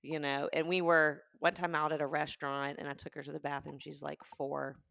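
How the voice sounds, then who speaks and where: A woman's voice: sits low, little pitch movement, a little fast, gravelly, fairly bright tone, dry recording. A woman with a Southern US accent, co-hosting a comedic podcast with a teasing manner and Southern expressions. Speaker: podcast co-host. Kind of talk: casual comedic chat.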